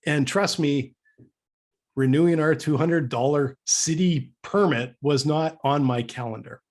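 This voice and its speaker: Unhurried and fairly high-pitched, a man from Canada co-hosts a podcast and relates a story in a relaxed way. He brings quoted lines to life as he tells it, with plenty of false starts and stammered repetitions.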